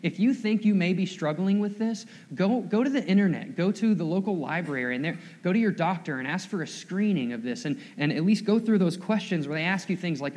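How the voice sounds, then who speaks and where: Chatty pastor preaching in a big hall. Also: male voice, high-pitched, expressive, fairly quick, few pauses, darkish tone. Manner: conversational, self-deprecating, repeats words. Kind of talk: sermon. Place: church sanctuary. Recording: long reverb of a large hall.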